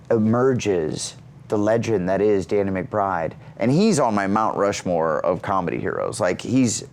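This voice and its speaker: A man in his thirties, an actor and comedian, telling stories in an interview with lots of energy and self-mockery, jumping up high for quoted lines. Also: animated, measured pace, slight background noise. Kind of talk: animated storytelling in an interview.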